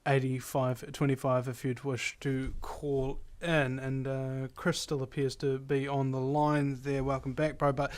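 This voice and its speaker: A man's voice: mid-range voice, little pitch movement, measured pace, few pauses. A man hosting a call-in radio show and ranting sarcastically, with frequent mild swearing. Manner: irreverent, sarcastic, swears freely. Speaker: radio host. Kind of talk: casual opinion rant.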